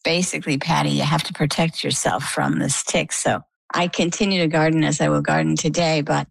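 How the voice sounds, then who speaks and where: A woman's voice: low voice, steady tone, fairly quick, vocal fry, dry recording. An older woman from coastal Maine, guest in an interview, chatty and vivid as she retells events with quoted dialogue. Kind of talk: conversational storytelling.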